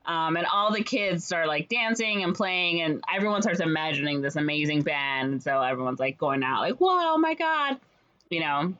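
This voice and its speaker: A woman casually retelling a story's plot in a rambling way, full of fillers and quick quoted voices. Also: deep voice, bright, forceful tone. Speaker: podcast co-host retelling a musical's plot. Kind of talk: casual chat. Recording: slightly dull lo-fi audio.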